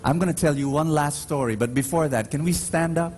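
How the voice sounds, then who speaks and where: A man's voice: fairly high pitch, a little mellow, a little hiss or hum. A man preaching a sermon in a large church, emphatic and calling out to the congregation, drawing out his stories with dramatic rises. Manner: emphatic, call-and-response with the congregation; slow, drawn-out storytelling with dramatic rises. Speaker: preacher at Mass.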